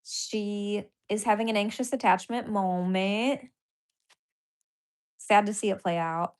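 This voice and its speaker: A woman's voice: mid-range voice, fairly even intonation, slow, clear, resonant tone. A woman hosting a casual live stream, chatting loosely with viewers, reading their comments aloud and laughing often. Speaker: livestream host.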